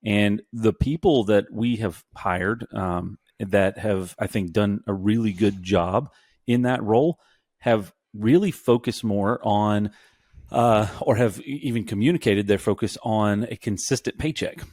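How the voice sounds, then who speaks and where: A man on a business podcast explaining his view in a measured, halting way, often restarting his sentences. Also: fairly low pitch, a little mellow, no echo, studio quality. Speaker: podcast co-host. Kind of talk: casual business chat.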